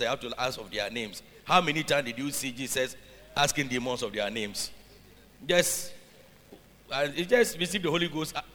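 A male preacher with a high, gravelly voice reads scripture and unpacks each verse. He keeps asking his listeners whether they follow. His bright voice rings out in a reverberant hall. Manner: reads scripture aloud then explains it, with questions to the congregation. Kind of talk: sermon.

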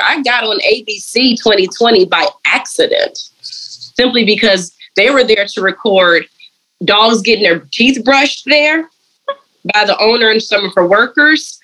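A woman, a dog groomer and colorist, telling her story in a casual interview and slipping into lively voices when she quotes people. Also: medium pitch, low-quality recording. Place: lives and works in Atlanta.

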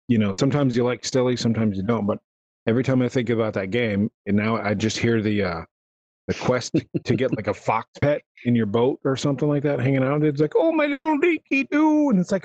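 Animated, rambling man hosting a podcast. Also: medium pitch, brisk, dry recording, highs cut off. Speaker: podcast host. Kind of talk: casual gaming chat.

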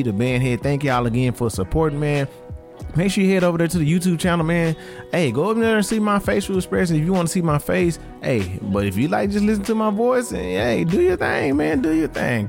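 A man hosting a podcast, giving casual, slangy reaction commentary on marching band battles and talking straight to his listeners. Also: mid-range voice. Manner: slangy, animated, addresses listeners directly.

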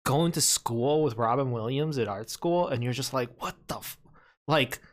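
A man co-hosting a podcast, telling stories in casual chat with animated, laughing delivery. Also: medium pitch, moderate pace. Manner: animated storytelling, laughing often. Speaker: podcast co-host.

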